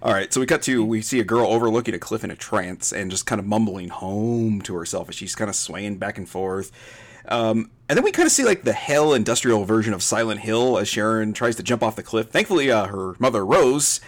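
A podcast host with a low-pitched voice talks fast and with lively ups and downs. He walks through a film scene by scene in a loose, joking chat. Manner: animated, joking recap of a film.

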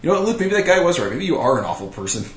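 A man's voice: on the high side, sing-song, very fast, reverberant. A man hosting a casual podcast, rambling and self-deprecating with lots of fillers. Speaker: podcast host.

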